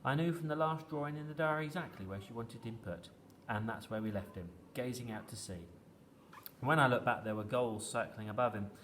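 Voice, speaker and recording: A man reading a children's story aloud with steady, gently expressive storytelling. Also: mid-range voice, fairly quick, a little hiss or hum.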